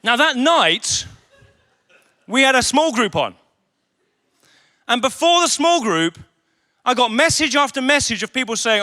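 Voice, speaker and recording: Guy preaching at a conference, really high bright voice, tells funny stories and does everyone's voices. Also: measured pace, pauses often. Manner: animated storytelling with humour; acts out quoted voices. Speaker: conference speaker. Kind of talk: sermon. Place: conference venue.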